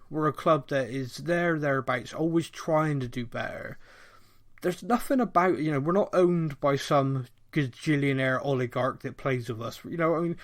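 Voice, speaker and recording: Middle-aged Bristol man, mild local accent, slightly high voice, rambling podcast co-host who thinks out loud. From Bristol, England. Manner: animated, rambling, thinks aloud. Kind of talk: casual football chat.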